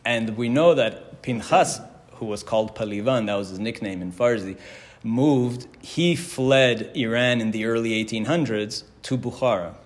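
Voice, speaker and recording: Man, relaxed lecture voice, chatty storytelling, often chuckling, middle pitch. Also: normal speed. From Canada. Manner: conversational, chuckles often, quotes Hebrew verses. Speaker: teacher of a Torah class.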